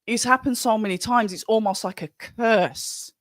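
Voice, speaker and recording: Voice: mid-range voice, moderate pace, fairly bright tone, dry recording, studio quality. A streamer with a Birmingham accent hosting a live boxing watch-along, chatting casually and reading viewer comments aloud in a rambling style with frequent restarts. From Birmingham, England.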